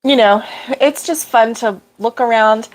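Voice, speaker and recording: Hosting a crochet livestream, this middle-aged woman speaks in a slightly high, unhurried voice. Her casual chat wanders through a story with fillers and lots of laughs, and she welcomes viewers by name while fighting off sneezes from allergies.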